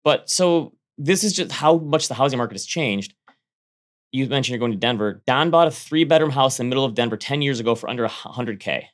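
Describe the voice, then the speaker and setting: Brief: brisk male podcast co-host, casual money talk, rapid delivery with quick restarts. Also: medium pitch. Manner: quick, animated, restarts mid-sentence. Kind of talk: casual finance chat.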